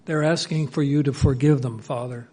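A man preaching a sermon in an earnest manner, swinging between hushed, soft passages and emphatic, raised lines. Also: mid-range voice, steady tone, moderate pace, breathy edge.

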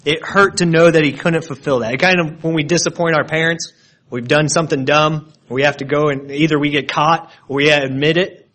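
A man's voice: a little high, fairly even intonation, a little fast, fairly bright tone. A man preaching an expository sermon, explaining word meanings with frequent restarts and repeated words.

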